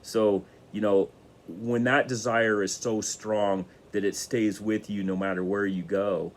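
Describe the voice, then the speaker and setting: A man's voice: on the low side, steady tone, a little slow. A man telling a motivational story in a casual, rambling way with many restarts. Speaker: motivational speaker.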